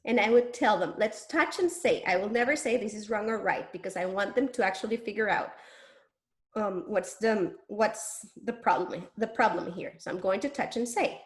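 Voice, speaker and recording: A woman teaching early reading, sounding out syllables slowly and clearly with exaggerated mouth movements and patient encouragement. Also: mid-range voice, echoey room. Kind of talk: demonstration lesson.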